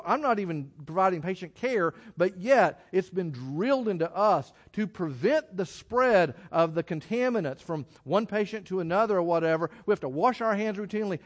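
A man preaching a sermon in a folksy, halting way, often restarting his sentences. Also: sits high.

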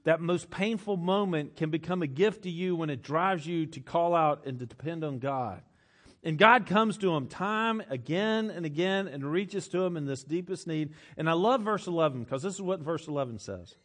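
Male pastor, sermon delivery, emphatic with repeated phrases, slightly higher voice. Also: lively intonation, normal speed, fairly bright tone. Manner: emphatic, repeats phrases for effect, laughs often.

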